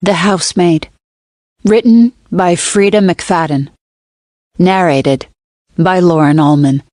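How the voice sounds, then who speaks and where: Audiobook narrator: woman, low voice, measured and wry, dry close-miked studio read. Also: a little mellow, no echo. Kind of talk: scripted first-person audiobook narration. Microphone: close studio mic.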